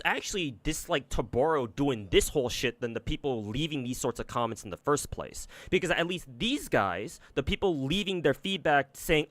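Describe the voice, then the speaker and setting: A man's voice: mid-range voice, fairly bright tone, no echo. Guy ranting on his game stream, lots of cursing and ums, starts over a lot, dry close sound. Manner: rambling, profane, frequent fillers and restarts. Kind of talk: casual livestream commentary.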